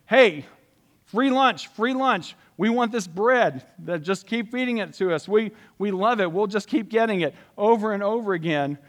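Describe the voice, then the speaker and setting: A man's voice: high voice, lively intonation, moderate pace, pitched above the performer's own voice. A man mimicking a scoffing, incredulous crowd. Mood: greedy, eager. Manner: loud, sarcastic, raised voice.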